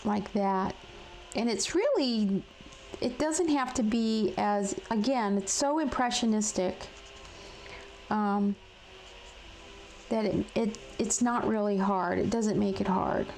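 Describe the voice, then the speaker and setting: Gravelly-voiced woman demonstrating crafts live. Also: mid-range voice, darkish tone, a little hiss or hum, low-quality recording. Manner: chatty, halting, with many fillers and restarts; talks to live chat viewers while coloring. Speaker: crafting livestream host.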